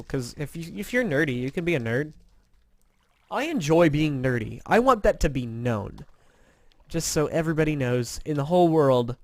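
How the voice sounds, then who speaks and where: A gaming commentator from Indiana, USA, chats loosely over his gameplay, rambling and self-deprecating. He's tired from little sleep and keeps yawning, and his medium-pitched voice comes through with no echo.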